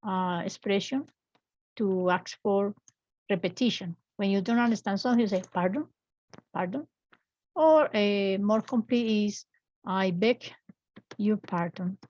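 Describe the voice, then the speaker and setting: A woman in her fifties teaching an English class from home over a video call, explaining slowly and patiently with repeated examples. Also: mid-range voice, a little mellow, dry recording, dull audio. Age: 50s.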